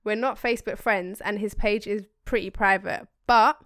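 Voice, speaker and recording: Smooth-voiced young woman, podcast host. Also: mid-range voice, no echo, studio quality. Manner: animated, slangy, quick asides. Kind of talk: casual chat, reading a listener email aloud.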